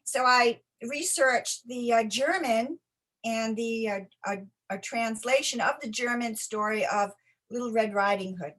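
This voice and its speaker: A woman's voice: a little high, unhurried, fairly bright tone, low-quality recording. A woman poet introducing and reading her poem, hesitant, with many fillers and restarts.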